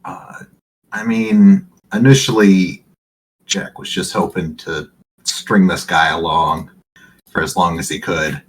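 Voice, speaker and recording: A man's voice: deep voice, very animated, takes it slowly, vocal fry, slight background noise, rough recording. A man playing a tabletop game, describing his character's actions in a hesitant way with many fillers. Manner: hesitant, laughing, filler-heavy. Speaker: player.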